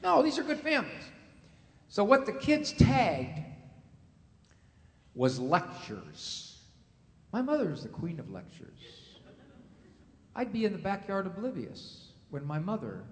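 Animated middle-aged man telling comic stories. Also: high-pitched, slow pace, long pauses. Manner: animated, acts out family members. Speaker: speaker on parenting. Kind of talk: comedic talk to a live audience. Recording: echoey hall.

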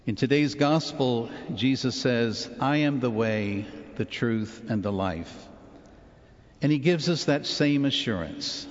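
A man preaching a sermon as a priest, earnest and slow with long pauses. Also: mid-range voice. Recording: dull sound with long church reverb.

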